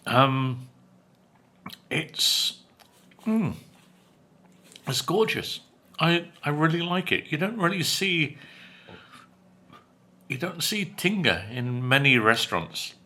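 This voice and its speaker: An older man talks about the food he is eating at home, in an unhurried and chatty way with a dry wit. His voice is bright and a little forceful. He pauses to chew and hum between remarks. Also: mid-range voice, very animated. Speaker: food vlogger. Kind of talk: casual food review while eating.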